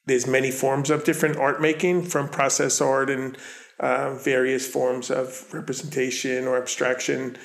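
A man's voice: mid-range voice, level tone, moderate pace, creaky. Middle-aged man with a Long Island accent, artist guest who rambles and self-corrects, recorded in an echoey room. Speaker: artist and curator, interview guest. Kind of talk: casual interview conversation. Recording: roomy echo.

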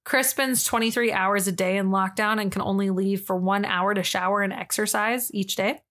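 A woman's voice: mid-range voice, fairly even intonation, moderate pace, a bit bright. A woman co-hosting a true-crime podcast, reading case details in a casual way and adding blunt, disgusted opinions. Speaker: podcast co-host.

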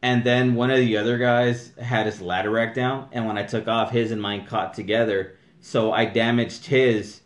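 A young man co-hosting a podcast, telling rambling stories in a mellow, laid-back way and swearing often. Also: medium pitch, flat delivery, normal speed, hardly any pauses. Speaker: podcast co-host. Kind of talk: casual podcast chat. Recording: echoey room.

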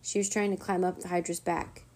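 Low, gravelly woman reading a storybook. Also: fairly quick, a little hiss or hum. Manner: steady, even read-aloud narration. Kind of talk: reading a children's chapter book aloud.

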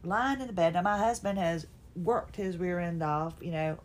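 A woman's voice: on the low side, moderate pace. A woman, hosting a podcast and telling a folksy, chatty, self-mocking personal story. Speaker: podcast host.

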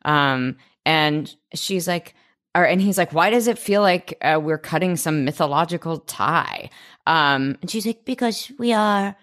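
Low-voiced woman co-hosting a chatty recap. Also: unhurried, a bit bright. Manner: chatty, swears freely, acts out characters' lines. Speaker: podcast co-host. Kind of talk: casual recap chat.

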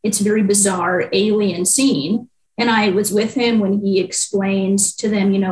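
A woman's voice: medium pitch, steady tone, normal speed, darkish tone. A young adult woman, a newspaper reporter, answering interview questions in a reflective way with frequent ums and likes. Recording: echoey room.

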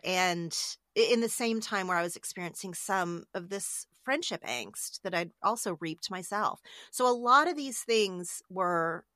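A woman's voice: fairly low pitch, pushed and bright, no echo, studio quality. A middle-aged woman in a casual conversation, talking openly and with emotion, often restarting her sentences. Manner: candid, emotional, with many restarts. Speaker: podcast host being interviewed.

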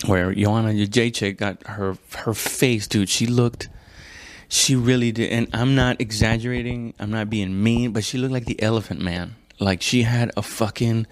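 Man, podcast host type, lowish voice, swears a lot, loose rambling comic monologue, dry close sound. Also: no room sound. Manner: profane, rambling, restarts and self-corrections; laid-back, addresses listener as "dude". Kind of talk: casual comedic monologue.

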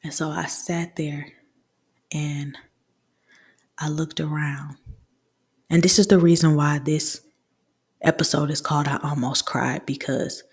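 A woman in her twenties casually telling a personal story for her podcast, in a hushed, often half-whispered, rambling and candid way. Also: sits low, fairly even intonation, a little slow, pauses often, slightly rough. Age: 20s.

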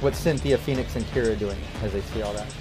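A man's voice: fairly low pitch, quick pace, music in the background. A man acting as game master, narrating scenes in a loose way with many fillers. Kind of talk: narrating a tabletop role-playing game.

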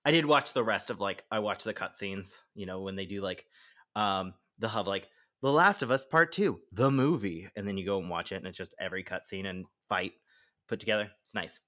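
A man's voice: low-pitched, a little fast, a bit bright. A man co-hosting a podcast, chatting casually, often laughing and using many fillers. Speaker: podcast co-host. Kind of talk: casual chat.

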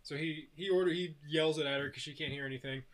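A man's voice: fairly high pitch, steady tone, fast, a bit bright. A man on a comedy podcast telling a rambling anecdote with restarts in casual chat.

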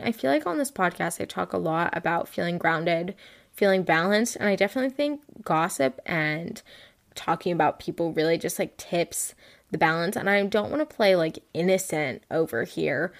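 Chatty teenage girl hosting a podcast. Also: fairly low pitch. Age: late teens. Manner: chatty, rambling, heavy use of "like"; frank and self-mocking. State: tired. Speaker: podcast host. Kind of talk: casual solo podcast chat.

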